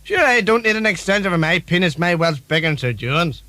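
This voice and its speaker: A man's voice: high-pitched, sing-song, pushed and bright, no echo, exaggerated voice. A man doing a cocky Belfast panelist. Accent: Northern Irish. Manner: cocky, quick-tempered, sweary.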